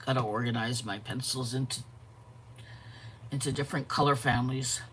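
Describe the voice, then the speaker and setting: A woman hosting a live art stream, chatting casually, greeting viewers by name and pausing to yawn and correct herself. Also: rumbling low, fairly even intonation, background noise. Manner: frequent yawns and self-corrections. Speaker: art channel host.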